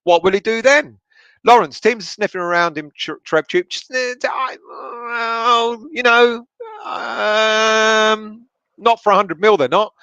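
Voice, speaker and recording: A man's voice: high voice, slow pace, pushed and bright, clear, resonant tone, no echo, muffled recording. A man hosting a football livestream, reading out viewer comments with sweary banter and frequent laughter. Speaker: football channel livestream host.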